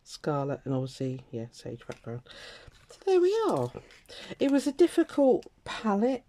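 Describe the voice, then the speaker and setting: A woman hosting a craft video, chatting casually to herself and her viewers with laughing asides, in a rough morning voice. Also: fairly low pitch, huge pitch swings, moderate pace, mellow. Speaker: craft channel host.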